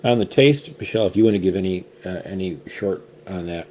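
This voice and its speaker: A man's voice: sits low, brisk, darkish tone, a little hiss or hum. A man hosting a casual whiskey tasting chat, rambling and restarting often as he shares his impressions. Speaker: whiskey reviewer, co-host.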